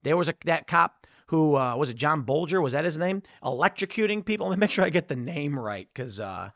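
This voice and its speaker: A man's voice: on the high side, lively intonation, a little fast, a bit bright, dry recording, highs cut off. A middle-aged man from Chicago with a Chicago accent, hosting a political commentary show and telling rambling stories. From United States. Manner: rambling storytelling, acts out quotes.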